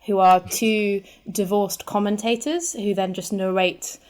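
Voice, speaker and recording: A woman chatting as a guest on a comedy panel. She talks quickly and chattily, with a steady mid-range voice and quick laughing asides. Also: mid-range voice. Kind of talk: comic panel banter.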